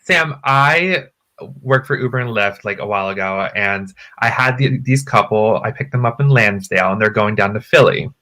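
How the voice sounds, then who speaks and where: A man chatting casually on a podcast, telling a long story with lots of swearing and high-pitched voices when he quotes people. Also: moderate pace, pushed and bright. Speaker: co-host.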